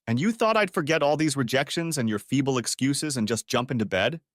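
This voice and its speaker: A man's voice: medium pitch, a little fast, fairly bright tone, dry recording, clean studio sound, pitched above the performer's own voice, close to an everyday voice. A man playing a suspicious husband who questions his wife in a sarcastic, exasperated way.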